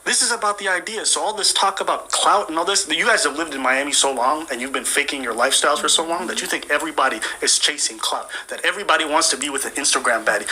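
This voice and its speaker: A man's voice: on the high side, bright, forceful tone, poor audio. A man delivering a profane, mocking comedic rant as a commentator.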